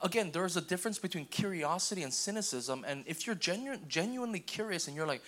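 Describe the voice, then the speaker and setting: A young man preaching a sermon in an easygoing, conversational way, often checking in with the congregation and acting out quick voices. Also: high voice, lively intonation, pushed and bright. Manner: casual, repeats okay and restarts, acts out quoted voices. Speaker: pastor.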